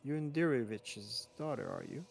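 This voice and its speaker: A man's voice: mid-range voice, wildly swooping pitch, moderate pace, gravelly, soft background music, voice pushed up. A man voicing a composed male burgomaster who calls himself the town's baron, speaking formally and courteously.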